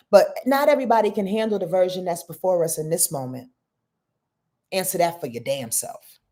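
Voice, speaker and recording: A woman's voice: medium pitch, warm tone. A middle-aged woman astrologer hosting a livestream, talking in a casual, emphatic, profane, streetwise manner and calling out to her audience. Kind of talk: casual spiritual talk to a live audience.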